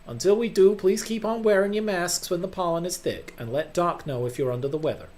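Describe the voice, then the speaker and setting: A man's voice: mid-range voice, big pitch swings, moderate pace, lightly acted. A man voicing an earnest young woman council member, attempting a southern drawl that he cannot quite manage.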